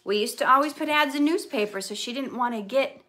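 A young actress hosting a casual livestream, chatting and reading viewer comments aloud. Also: female voice, high voice, fairly quick, sharp tone. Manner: chatty, reads viewer comments aloud, breaks off to soothe a child.

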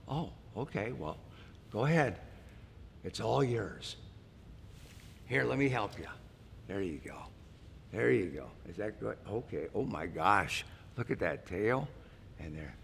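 A man leading a toddler storytime, talking gently and slowly to little children. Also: on the low side, sing-song, vocal fry, big-room sound.

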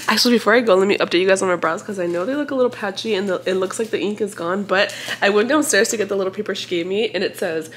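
A woman's voice: medium pitch, racing, slight background noise. A young woman chatting to camera at home for her family vlog, bubbly and talkative, laughing often and mixing in Spanish words. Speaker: family vlogger and mother. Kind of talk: casual vlog chat to camera.

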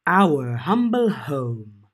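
A man voicing a mocking fairy woman who speaks in a slow, sing-song, taunting way. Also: mid-range voice, a little mellow, husky.

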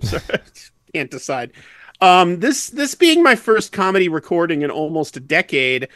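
A man talking as a guest musician on a casual podcast, chatty and joking with quick digressions. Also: fairly high pitch, very animated, pushed and bright, clear, resonant tone, no echo, studio quality.

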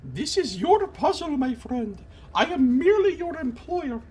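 A man voicing a haughty, formal female fish-person agent while reading game dialogue aloud, in a stiff, drawn-out manner. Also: very high-pitched, very animated, darkish tone, pitched above the performer's own voice, full character voice. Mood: aloof.

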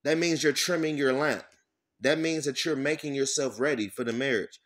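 Man, informal sermon, blunt and profane, slow verse reading, frequent check-ins, mid-range voice. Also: medium pitch, steady tone, fairly bright tone. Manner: reads verses slowly, then breaks them down. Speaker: scripture teacher.

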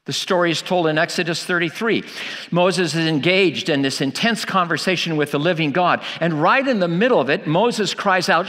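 A man's voice: sits high, moderate pace, a bit bright, in a large hall. A man preaching a sermon, emphatic, asking rhetorical questions and repeating key lines for weight. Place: church.

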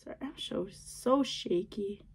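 Giggly woman unboxing, husky voice. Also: medium pitch, measured pace, a little mellow. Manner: gushing, giggly, often drops to a whisper. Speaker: vlogger unboxing an album. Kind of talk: casual chat to camera. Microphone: phone.

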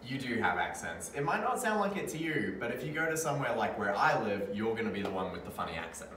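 A man's voice: medium pitch, very animated, fast, fairly bright tone. A man from Australia with an Australian accent, a friendly guest explaining things on a children's program. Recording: roomy and distant with faint noise.

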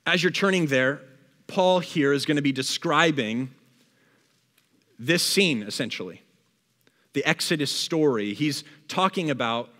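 A man preaching a sermon, reading scripture aloud and acting out a grumbler's complaints with lively energy. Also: medium pitch, long reverb tail. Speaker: pastor. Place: church hall.

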